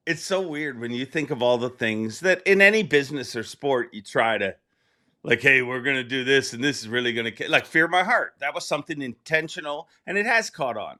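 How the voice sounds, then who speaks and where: Host: male, bright and forward tone, rambling and chatty with easy laughs. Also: medium pitch, expressive, brisk. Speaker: podcast host. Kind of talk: casual interview chat.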